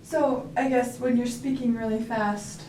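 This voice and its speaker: A woman's voice: a little high, fairly even intonation, unhurried. A woman student asking short clarifying questions during a tutoring session. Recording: echoey room, voice from a distance, background noise.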